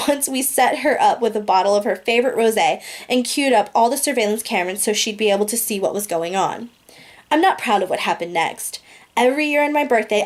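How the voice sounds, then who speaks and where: A young woman reading a comic novel aloud casually, amused and giggling often, drawling the profanity. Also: fairly high pitch. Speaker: audiobook reader.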